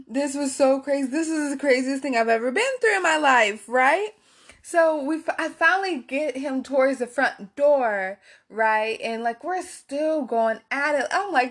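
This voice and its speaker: A woman's voice: sits high, animated, a little slow, fairly bright tone. A woman telling a personal story to her viewers in a casual, rambling way, swearing freely and filling her talk with "like" and "right?". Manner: candid, profane, rambling with many fillers.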